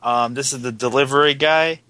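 A man with a bright, sharp voice teases the person on the other end of a prank call. His manner is playful and jokey throughout. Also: medium pitch, fairly even intonation, moderate pace, dry recording. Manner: teasing, jokey.

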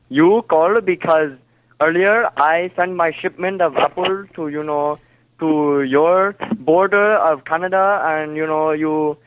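A man with an Indian accent speaks in a halting, insistent way, full of fillers. His voice sits fairly high and comes through a dull, muffled phone line. The sound is dry, with no room echo. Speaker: prank call target. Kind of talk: phone call.

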